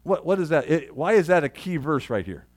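A middle-aged male pastor preaching with lively swings in pitch and loudness. His voice sits a little high for a man. He quizzes the congregation and reads scripture out with rising fervor. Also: fairly quick. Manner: animated preaching with call-and-response, reads scripture aloud. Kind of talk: sermon.

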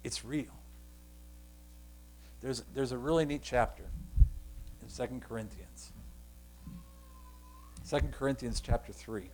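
A man preaching a sermon, explaining scripture with rhetorical questions, swinging between hushed passages and loud emphatic ones. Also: mid-range voice, steady tone, a little slow, long pauses, a little hiss or hum.

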